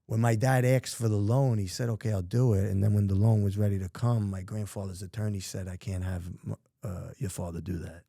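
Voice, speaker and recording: A man's voice: fairly low pitch, fairly even intonation, brisk, vocal fry, hardly any pauses, warm tone, no echo, clean studio sound. A middle-aged man, a podcast guest telling his life story in blunt, profane street talk. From New York. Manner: profane, street-talking, emphatic. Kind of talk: candid storytelling.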